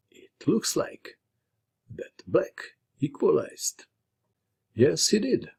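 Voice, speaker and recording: A man's voice: mid-range voice, gravelly, husky. A man narrating a chess game move by move, with playful asides, as host of a chess lesson channel. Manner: lively, playful move-by-move commentary.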